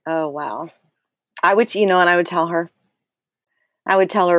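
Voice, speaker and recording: Excitable woman podcast guest, dry sound. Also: on the low side, moderate pace, no echo. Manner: excitable, animated. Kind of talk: casual faith interview.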